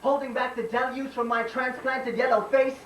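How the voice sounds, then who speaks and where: A man's voice: extremely high pitch, level tone, fairly bright tone, distant mic, a little hiss or hum. Man intoning spoken word from afar. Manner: measured, incantatory, repeating lines. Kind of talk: live spoken word poetry. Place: lounge, live performance. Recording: echoey room, voice from afar.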